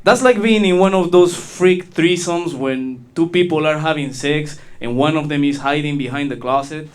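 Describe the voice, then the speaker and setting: A man's voice: on the high side, normal speed, smooth. Peruvian-accented man doing stand-up. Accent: Peruvian Spanish. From Peru. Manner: crude, rambling, self-mocking. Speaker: stand-up comedian. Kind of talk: stand-up comedy set.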